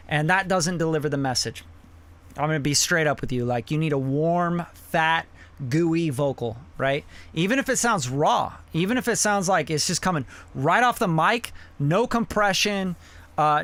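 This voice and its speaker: A man's voice: a little high, fairly bright tone. A man hosting a live song review, giving blunt, profane mixing feedback in a casual, rambling way. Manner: blunt and profane, with many fillers like "you know".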